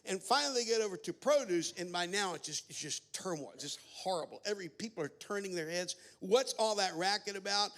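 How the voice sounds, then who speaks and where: A man's voice: high-pitched, fairly quick, hardly any pauses, a bit bright. A man giving a sermon at a family camp, telling a story with many fillers and restarts. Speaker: camp speaker.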